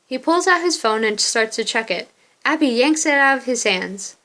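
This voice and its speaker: A woman narrates a story game in a plain, steady read. Her voice sits a little high. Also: moderate pace. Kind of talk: fan reading of a story game.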